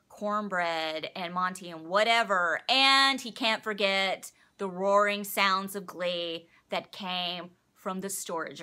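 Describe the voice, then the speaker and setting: A woman's voice: on the high side, pushed and bright. A young woman hosting a casual recap vlog, talking in a sarcastic, exasperated way and swearing freely. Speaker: vlog host recapping a reality show.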